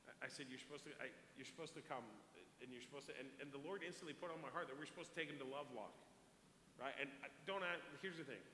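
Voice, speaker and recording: A man preaching a sermon as a pastor, passionate, swinging from hushed asides to loud appeals. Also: mid-range voice, quick pace, slight background noise. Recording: echoey hall with long reverb.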